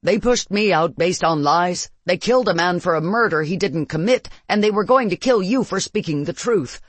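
A storyteller voicing an embittered father who speaks gravely and bitterly. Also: medium pitch, animated, normal speed, dry recording. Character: embittered father, grim and unforgiving.

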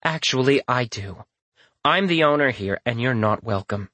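A man voicing a young woman who owns a pub, speaking calmly and quietly with a piercing, cold authority. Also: mid-range voice, normal speed, no room sound. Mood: cold command.

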